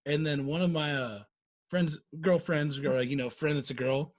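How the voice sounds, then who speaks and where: A man's voice: on the high side, normal speed. A young man co-hosting a podcast, defending himself with laughter and frequent swearing. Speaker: podcast co-host. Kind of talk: casual chat.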